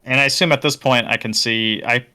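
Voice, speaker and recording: Bright, smooth-voiced hesitant player. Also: male voice, mid-range voice, steady tone, brisk. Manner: hesitant, thinking aloud. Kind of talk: tabletop game play.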